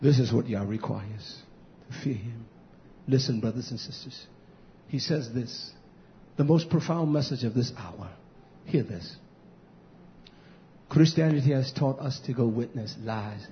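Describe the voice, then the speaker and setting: A male pastor delivering a sermon in an emphatic, repetitive cadence, swinging between shouting and hushed near-whispers. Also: medium pitch, unhurried, a little hiss or hum. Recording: dull lo-fi recording.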